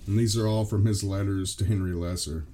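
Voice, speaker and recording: A man's voice: lowish voice, steady tone, a little fast, warm tone. A man co-hosting a casual podcast, exasperated and emphatic, swearing freely. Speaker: podcast co-host.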